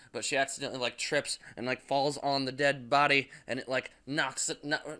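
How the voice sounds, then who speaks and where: A young man gives a loose, rambling movie recap, full of fillers and curse words. He laughs at his own jokes as he goes. His voice is bright and crisp. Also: mid-range voice. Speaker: movie reviewer.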